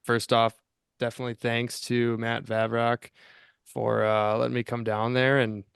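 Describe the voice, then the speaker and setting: A man's voice: mid-range voice, monotone, a little slow, vocal fry, a bit bright, smooth, no room sound, studio quality. A man co-hosting a casual fishing podcast, telling a long, rambling story with many restarts. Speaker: podcast co-host.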